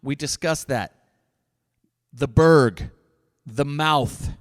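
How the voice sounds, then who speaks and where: A man's voice: on the high side, drawn-out words. A middle-aged man hosting his own podcast, delivering a blunt, profane solo rant. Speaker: podcast host. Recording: dry voice with long reverb tail.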